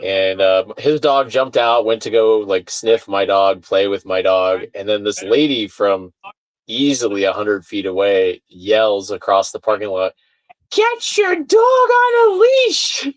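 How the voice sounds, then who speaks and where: A man chatting casually on a video call, telling a rant story with swearing and acted-out shouted quotes. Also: fairly low pitch, fairly even intonation, measured pace, no room sound, low-quality recording. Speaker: podcast guest. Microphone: video call mic, sounds far away.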